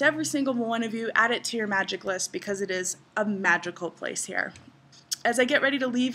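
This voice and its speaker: A woman's voice: fairly high pitch, bright, forceful tone, breathy edge. A woman in her thirties vlogging to camera outdoors in a garden, telling a travel story with bubbly enthusiasm. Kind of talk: casual vlog to camera.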